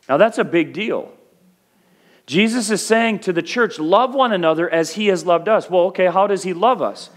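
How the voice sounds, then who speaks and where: A man's voice: on the high side, lively intonation, moderate pace. A middle-aged male pastor preaching a sermon in a conversational way that rises to fervent peaks.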